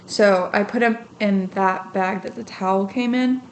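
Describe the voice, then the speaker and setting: A woman's voice: medium pitch, a little slow. A young woman vlogging to camera, telling a story in a casual, chatty way with lots of fillers and acted-out reactions. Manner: chatty and animated, lots of fillers, acts out her own reactions. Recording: faint background noise.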